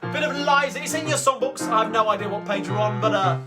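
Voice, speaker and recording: A man's voice: high-pitched, fast, over loud music. A man with a London Cockney accent hosting a live sing-along, chatting casually and rambling with lots of ums between songs. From England.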